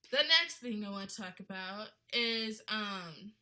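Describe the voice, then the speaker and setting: A woman's voice: mid-range voice, steady tone, unhurried, pushed and bright, low-quality recording. A young woman ranting in a casual vlog, blunt and indignant, with lots of "like" in her talk. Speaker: vlogger.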